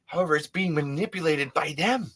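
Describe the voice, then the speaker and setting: Bright-voiced man ranting on a livestream. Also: fairly high pitch, brisk. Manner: rambling and emphatic, many restarts and swearing. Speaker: livestream host. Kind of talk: casual livestream rant.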